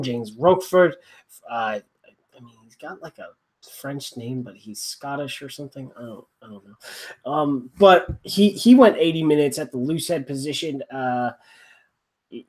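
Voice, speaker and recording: A man co-hosting a rugby podcast, casual and rambling, joking with plenty of fillers and restarts. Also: mid-range voice. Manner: wry, joking. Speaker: podcast co-host.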